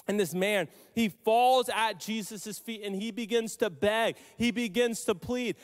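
A male pastor preaching a sermon, telling the story emphatically with pauses. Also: high voice. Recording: long hall reverb.

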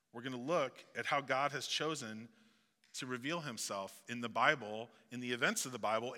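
A man's voice: medium pitch, bright, forceful tone. A male pastor with a Southeast Missouri accent, preaching a sermon in a conversational way with joking asides. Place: church sanctuary. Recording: long hall reverb.

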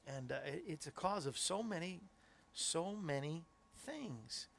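A middle-aged man hosting a faith-based talk show, with a fairly high voice for a man. He rambles in a relaxed, chatty way and turns often to viewers typing in the chat. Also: a little slow, creaky, slight background noise. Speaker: host.

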